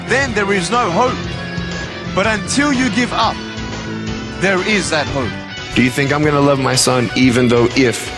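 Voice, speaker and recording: Impassioned man giving a motivational speech. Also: high voice. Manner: impassioned, swinging between hushed and loud; asks the audience rhetorical questions. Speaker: motivational speaker. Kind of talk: motivational speech to a live audience.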